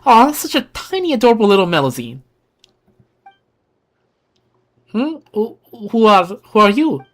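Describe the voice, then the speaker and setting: A reader voicing an excitable, curious young woman adventurer in a fan reading of game dialogue, gushing and eager. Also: medium pitch, fairly quick, pitched above the performer's own voice, close to an everyday voice. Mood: excited. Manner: gushing, eager, formal when apologizing.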